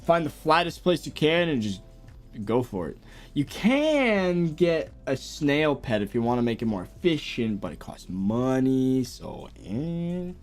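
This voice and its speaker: Faint music plays behind a young American man with a General American accent as he answers viewer messages on a live stream. His mid-range voice is a little slow, and he stays laid-back, chuckling frequently with lively, rising-and-falling delivery.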